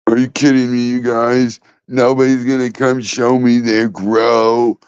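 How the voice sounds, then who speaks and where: A man's voice: medium pitch, little pitch movement, measured pace, a little mellow, clear, resonant tone, no echo. A man hosting a casual livestream, rambling and swearing as he talks back to his chat. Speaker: livestream host. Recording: dull, lo-fi dry sound.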